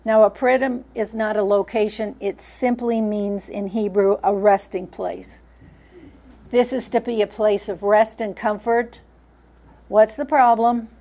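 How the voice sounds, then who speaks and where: A woman teaching a Bible study lesson in a middle-pitched voice. She often poses rhetorical questions to her class and then answers them herself. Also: fairly even intonation, unhurried, mellow.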